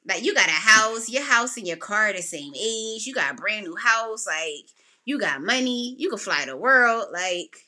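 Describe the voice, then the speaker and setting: A woman hosting a podcast, telling a personal story in a casual way and acting out what people said with sudden jumps in pitch. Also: normal speed. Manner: animated, acts out quotes with big pitch jumps. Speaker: podcast host.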